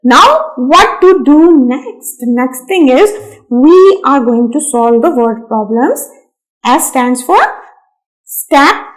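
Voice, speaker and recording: A woman with a very high voice teaches young children a lesson. She goes slowly and stresses each key word, often saying it twice, and talks straight to her students. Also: animated, poor audio. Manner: slow, emphatic, repeats key words; addresses listeners as dear students.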